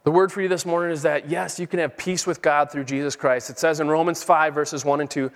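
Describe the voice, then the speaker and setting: Middle-aged male preacher, fervent sermon delivery, somewhat high voice, long hall echo. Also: steady tone, fairly quick, few pauses. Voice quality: fervent, rising to emphatic peaks.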